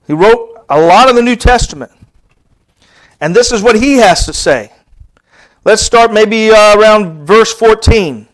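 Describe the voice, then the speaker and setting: A man in his fifties preaching a sermon, swinging between soft low asides and high, rising emphasis as he reads scripture and tells stories. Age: 50s.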